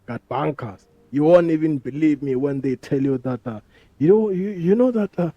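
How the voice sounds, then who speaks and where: A man's voice: fairly high pitch, moderate pace, no echo, dull audio. A man hosting a podcast, talking casually in a rambling, profane way full of street slang. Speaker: podcast host. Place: podcast studio.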